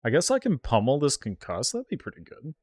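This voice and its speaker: A man streaming himself playing an online card game, reacting out loud with yelps and groans and talking to his viewers. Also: medium pitch, fairly quick, husky, no echo, clean studio sound. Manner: excitable, groans and yelps at the game, talks to chat. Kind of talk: live gameplay commentary.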